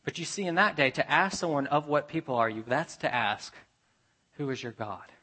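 A man preaching a sermon as a pastor, telling a personal story with animated shifts between loud emphasis and hushed asides. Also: a little high, moderate pace, breathy edge.

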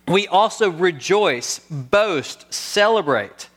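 A man in his thirties preaching a sermon, earnest and storytelling, pausing before key words. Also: high-pitched, lively intonation, fairly bright tone. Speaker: pastor.

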